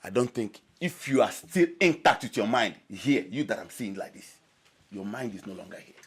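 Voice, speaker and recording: An actor with a Nigerian accent playing a reproachful friend. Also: male voice, on the low side, lively intonation, moderate pace, slightly rough. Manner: reproachful, pleading. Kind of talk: film acting.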